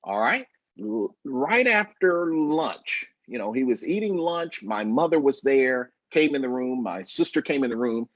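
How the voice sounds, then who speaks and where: Speaking as a guest, a husky, expressive man in his fifties recounts a personal story in a slow, emphatic, reflective manner with a mid-range voice. His video-call audio is dry and dull, with no room sound at all.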